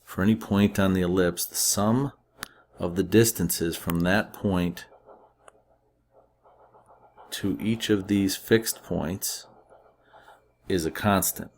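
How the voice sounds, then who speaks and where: A man with a very low voice walks students through a recorded math lesson. He explains in a steady way and often fills pauses with uh. A faint hiss sits under the recording. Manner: steady explanatory, with frequent fillers. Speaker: math teacher.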